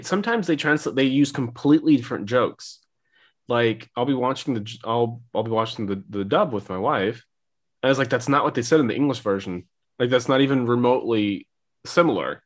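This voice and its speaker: A young man co-hosting a podcast, talking casually and rambling with lots of filler words. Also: medium pitch. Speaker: podcast co-host. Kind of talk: casual chat.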